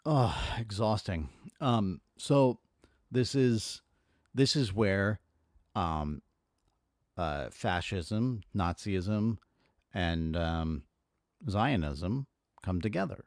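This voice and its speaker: A man's voice: lowish voice, expressive, a little mellow, no room sound, clean studio sound. A man streaming at home, reading a historical text aloud and breaking off into exasperated, profane commentary with many fillers and restarts. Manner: exasperated, profane asides between halting read-aloud passages.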